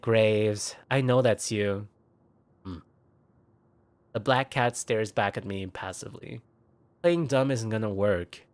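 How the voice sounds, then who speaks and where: A man streaming himself reading a visual novel aloud, expressive, with sudden yelps and laughs. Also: fairly low pitch. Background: game music.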